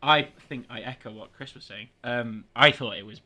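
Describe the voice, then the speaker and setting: A man gives measured opinions as a podcast guest, often correcting himself mid-sentence. His voice is notably bright and forceful, at a middle pitch. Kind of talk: casual film chat.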